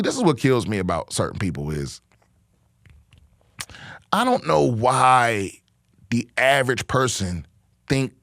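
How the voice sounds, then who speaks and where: With a medium-pitched voice, this podcast host and comic rants at length in a casual, profane monologue that wanders and keeps restarting. It's recorded at studio quality with no echo.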